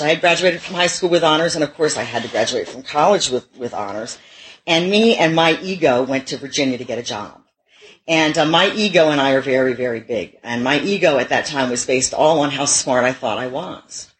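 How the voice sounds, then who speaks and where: A woman's voice: sits low, brisk, rough recording. A middle-aged woman giving a personal testimony at a recovery meeting, candid and self-mocking, with frequent laughs.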